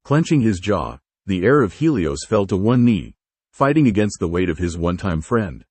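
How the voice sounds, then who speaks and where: A man's voice: sits low, sing-song, moderate pace, darkish tone, breathy edge, dry recording. A man narrating a fan fiction story aloud, giving the dialogue varied inflections. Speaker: fanfiction reader.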